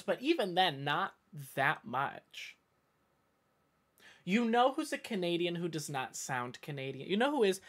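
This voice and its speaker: A man from the northeastern US chatting casually on a live stream, reading viewer comments and drifting off on tangents. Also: high-pitched. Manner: rambling, talks in tangents with many self-corrections.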